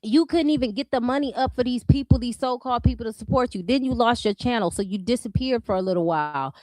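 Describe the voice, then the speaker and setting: Woman, drama commentary, blunt, mocking, higher voice, dry sound. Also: fast, darkish tone, no room sound. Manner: blunt, mocking, rhetorical questions. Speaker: commentary streamer.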